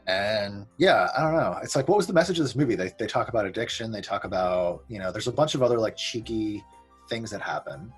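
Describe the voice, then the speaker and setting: A man with a slightly husky voice chats loosely about a film, rambling and dropping profanity as he goes. His pitch sits in the usual male middle. Faint music runs in the background. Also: expressive, brisk. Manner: rambling, profane, acts out quotes. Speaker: podcast host. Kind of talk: casual movie review chat.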